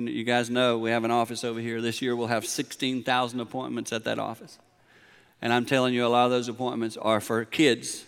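A middle-aged man, preaching a sermon in a large church, moving from quiet storytelling to emphatic points. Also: medium pitch, gravelly, smooth. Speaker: pastor. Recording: long hall reverb.

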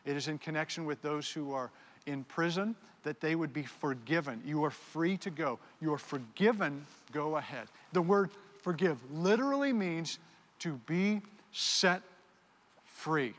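A man's voice: fairly high pitch, expressive, a little slow, a bit bright. A man preaching a sermon, animatedly directing volunteers on stage. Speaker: pastor. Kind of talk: sermon with audience participation skit. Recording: long hall reverb.

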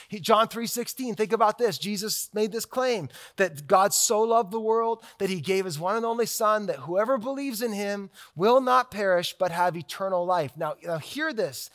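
A man's voice: high-pitched, animated, moderate pace, hardly any pauses, a bit bright. A man preaching a sermon, emphatic, stacking repeated phrases into rhetorical build-ups.

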